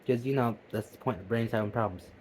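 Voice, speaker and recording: A man delivering a profane, heated comedic rant that swings between loud outbursts and low mutters. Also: fast talker, breathy edge. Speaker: vlogger. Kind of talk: comedic ranting monologue.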